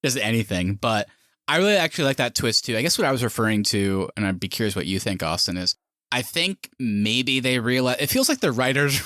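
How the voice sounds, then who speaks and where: A man co-hosting a casual movie podcast, animated, with quick asides and voiced reactions. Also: medium pitch, no echo, studio quality. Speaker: podcast co-host.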